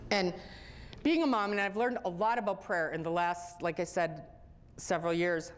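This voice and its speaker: A middle-aged woman speaking to a group and telling a personal story. She talks in an animated way and often breaks into laughter as she goes. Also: on the low side, normal speed.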